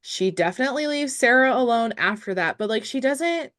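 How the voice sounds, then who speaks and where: A woman's voice: on the high side, animated, a little fast, a bit bright. A young woman co-hosting a podcast, talking bluntly and with profanity, animatedly quoting characters. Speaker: podcast co-host. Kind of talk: casual chat about a movie.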